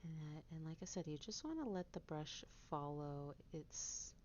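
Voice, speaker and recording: A woman streaming as she paints a miniature, chatting casually with viewers and slipping into quiet whispers as she concentrates. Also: low-pitched, animated, normal speed, highs cut off, a little hiss or hum. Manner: chatty, drifts into soft whispers while concentrating. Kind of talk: casual livestream chat while painting.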